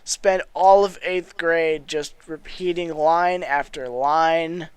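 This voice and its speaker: A young man co-hosting a casual podcast chat, excitable and jokey, calling himself a crazy squeaky guy. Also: slow pace, clean tone, no room sound. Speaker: podcast co-host.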